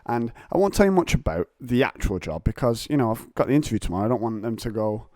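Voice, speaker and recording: An English man hosts a solo podcast from his couch, digressing freely and poking fun at himself. His voice is mellow and mid-pitched. The sound is close and dry. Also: animated, fast, no room sound. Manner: rambling, digressive, self-mocking. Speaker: podcast host. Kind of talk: casual solo podcast monologue. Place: home, on a couch.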